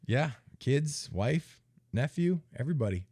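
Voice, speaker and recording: A middle-aged man co-hosting a casual podcast chat, telling animated stories and mimicking people. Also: a little slow, slightly rough, no room sound, clean studio sound. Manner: animated storyteller, mimics people with big pitch jumps. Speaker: co-host, former football player.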